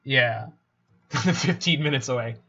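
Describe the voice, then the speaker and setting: A man's voice: medium pitch, slow. Chatty Canadian man narrating his game. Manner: chatty, thinks out loud, jokes. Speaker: game streamer. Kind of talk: casual gameplay commentary. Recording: slightly muffled with faint hiss.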